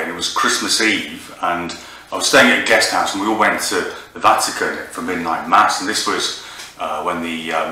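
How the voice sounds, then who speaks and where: A man from England delivering a comic monologue in a halting, rambling, hesitant way. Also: low-pitched, bright, forceful tone. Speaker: comedian. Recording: echoey room, distant mic, faint noise.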